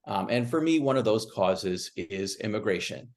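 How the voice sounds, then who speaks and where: A man's voice: lowish voice, expressive, normal speed, darkish tone. A middle-aged man from Michigan, an author giving a book talk over a video call, telling a story in a conversational way with many "uh" fillers. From Michigan, USA.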